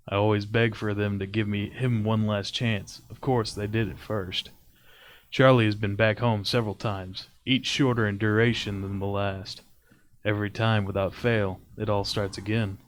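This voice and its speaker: A man co-hosting a casual podcast, reading a horror story aloud with small stumbles and a flat delivery. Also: fairly low pitch, a little hiss or hum, poor audio. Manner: crude joking, reads flatly with stumbles.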